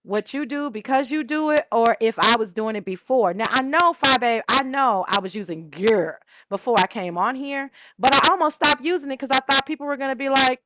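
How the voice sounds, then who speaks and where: A woman hosting her own talk show, chatting casually and breaking into quick impressions of people. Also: high-pitched, fairly bright tone, highs cut off. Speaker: show host. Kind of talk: casual solo chat.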